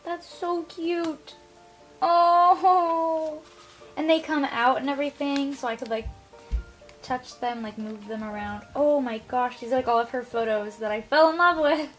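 A young woman vlogging an unboxing, gasping and gushing with delight, often trailing off softly. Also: high-pitched, steady tone, unhurried, faint music behind. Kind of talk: unboxing vlog.

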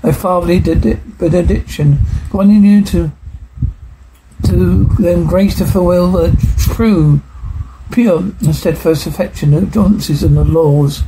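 A man's voice: high-pitched, measured pace. An actor playing a stern male official who formally recites a ceremonial proceeding in a film. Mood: solemn. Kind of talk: film dialogue. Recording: noisy old film soundtrack.

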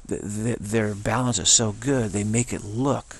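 A man talking in a loose, rambling monologue, repeating himself and restarting words, getting animated when excited. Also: lowish voice, a little slow, gravelly.

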